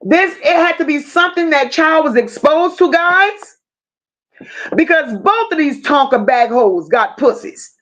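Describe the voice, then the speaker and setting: A woman's voice: sits high, lively intonation, a little slow, fairly bright tone. A woman hosting a casual true crime livestream, telling the story bluntly and with strong emotion, swearing freely and talking straight to her viewers. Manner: addresses viewers directly.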